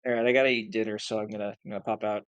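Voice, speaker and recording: A man's voice: lowish voice, level tone, very fast, clear, resonant tone, no room sound, highs cut off, soft background music. A man playing a tabletop game, narrating his character in third person and laughing often. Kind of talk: casual play narrating own character.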